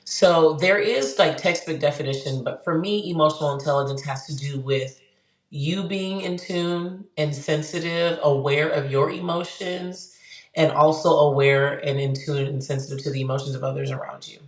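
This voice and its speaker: A woman's voice: sits low, moderate pace, roomy sound. A woman counselor talking casually and animatedly, telling stories with lots of fillers. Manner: animated storyteller, frequent fillers. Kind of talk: casual discussion.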